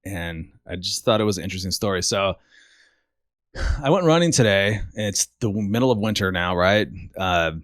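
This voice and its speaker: A low-pitched man speaks casually and candidly, his voice rising and falling widely as he acts out quotes from his own stories. The sound is dry and close, with no room echo. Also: normal speed. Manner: candid, animated storytelling with mimicked quotes; frequent restarts and swearing. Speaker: podcast host. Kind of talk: casual monologue.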